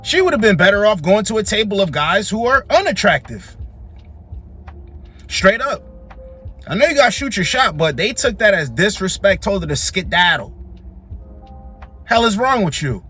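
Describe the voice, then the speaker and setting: A man's voice: sits high, very animated, normal speed, long pauses, pushed and bright, slightly rough, soft background music. A man giving blunt, slangy reaction commentary on dating clips, scolding and dismissive.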